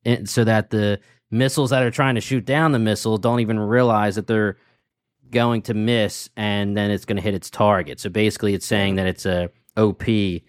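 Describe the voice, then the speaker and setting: A man with a smooth, fairly low voice chats through a podcast recap. He often hedges while he explains. The recording is dry and close. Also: fairly even intonation, moderate pace, no echo. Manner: chatty, hedging explanations. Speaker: podcast co-host. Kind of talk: casual episode recap chat.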